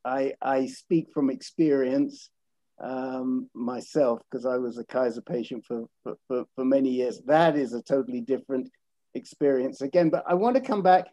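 A man hosting a video call interview, speaking haltingly with stuttered repeats. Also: medium pitch, warm tone, dry recording. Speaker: host.

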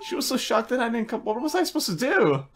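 A man reading out the lines of a worried mother fussing over her injured child in a video game, in a softer, slightly higher voice. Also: very animated, quick pace, soft background music. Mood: fretful.

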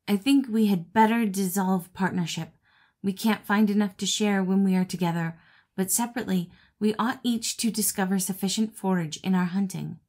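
A woman's voice: medium pitch, moderate pace, darkish tone, lightly acted. A woman voicing a sly, peevish female cat in a storybook reading, with a smug, purring manner. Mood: scheming.

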